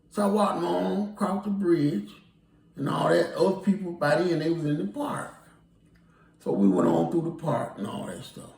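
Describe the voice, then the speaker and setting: With a slightly high voice and some vocal fry, this tour guide loosely rambles through an anecdote, playing out each person's lines as he goes. The recording is roomy and distant.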